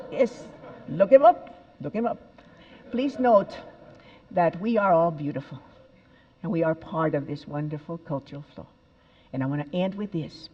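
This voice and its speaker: An older woman tells stories on a big stage, animated and expressive, with sudden bursts of emphasis. Her voice rings through a large auditorium with a long reverb. The sound is a little dull and muffled. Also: fairly low pitch. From El Paso, Texas. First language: Spanish. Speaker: speaker at a TEDx event. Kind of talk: inspirational stage talk.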